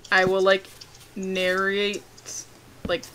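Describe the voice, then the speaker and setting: Woman, casual gameplay chat, rambling, thinks out loud, giggly, middle-pitched voice, faint background hiss. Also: completely flat delivery, slow pace, rough recording. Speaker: co-host of a gaming channel. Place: at home on a desktop computer.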